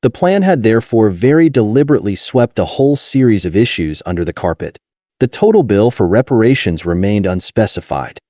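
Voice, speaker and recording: A man reading a nonfiction history audiobook in a measured, steady way, with deliberate pauses. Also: lowish voice, no echo, studio quality. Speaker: audiobook narrator. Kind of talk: scripted nonfiction narration.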